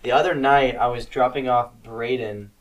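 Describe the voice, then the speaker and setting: A man's voice: medium pitch, fairly even intonation, moderate pace, far from the mic, muffled recording. A young man chatting casually on a podcast, rambling through stories, swearing freely and acting out what people said. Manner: rambling storyteller, swears freely, acts out quotes. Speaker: podcast co-host. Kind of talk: casual chat.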